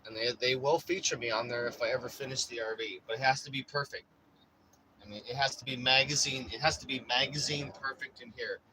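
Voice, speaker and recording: Bright-voiced rambling man vlogging. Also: mid-range voice, fairly quick, slight background noise, low-quality recording. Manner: rambling, animated when acting out stories, swears freely. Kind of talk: casual chat. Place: inside his RV.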